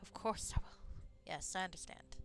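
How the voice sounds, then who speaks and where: A woman's voice: moderate pace, fairly bright tone, soft background music, lightly acted. A woman voicing a grave male rebel leader in a fantasy game, reading his lines solemnly.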